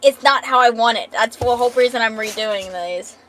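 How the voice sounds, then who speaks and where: A young woman streams herself drawing and chats loosely with her viewers. Her voice sits a little high and she swears without a second thought. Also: brisk, a bit bright, slight background noise. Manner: chatty, swears freely. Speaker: art streamer. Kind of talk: casual livestream chat while drawing.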